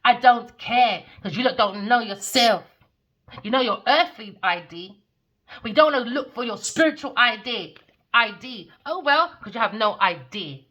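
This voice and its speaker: A woman's voice: a little high, lively intonation, moderate pace, sharp tone. A woman giving a blunt, profane tarot reading, talking straight at her listeners. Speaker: tarot reader.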